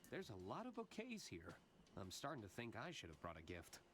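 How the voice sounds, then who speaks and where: A courteous game lawyer, lively. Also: male voice, fairly low pitch, fairly quick. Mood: polite. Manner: courteous, formal. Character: polite, mild-mannered male lawyer. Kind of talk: video game voice acting.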